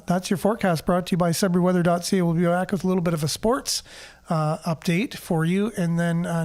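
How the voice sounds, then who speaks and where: A man's voice: sits high, darkish tone. A man hosting a casual local news show, chatting and reading the news aloud with asides and fillers. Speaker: host.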